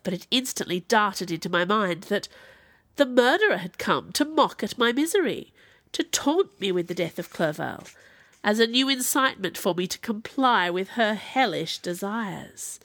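A woman reading a classic novel aloud as narrator, with expressive, dramatic delivery. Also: mid-range voice, dry recording. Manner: expressive, dramatic in quoted speech.

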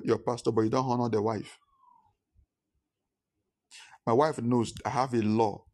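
Male pastor, mid-pitched voice, sermon delivery with repetition and acted-out phone calls. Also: a little mellow. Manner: preaching with repetition, acting out phone calls in pidgin.

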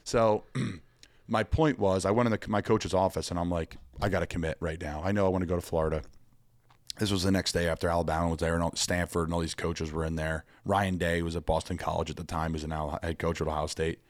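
A young adult man, a pro football player, telling stories as a guest in an energetic, rambling way and acting out the voices he quotes. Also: sits low, fairly quick, dry recording. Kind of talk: animated storytelling conversation.

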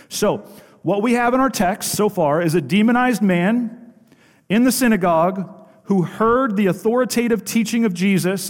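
Male pastor, somewhat high voice, emphatic sermon delivery with rhetorical questions, long church reverb. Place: church sanctuary.

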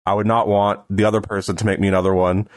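A man's voice: on the low side, level tone, fast talker. A man in casual podcast chat, self-deprecating and laughing as he talks.

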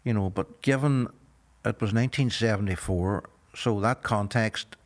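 A man in his sixties with a Northern Irish accent speaks in a low voice. He tells his story to an interviewer in a measured, earnest way and fills his pauses with "you know". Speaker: guest.

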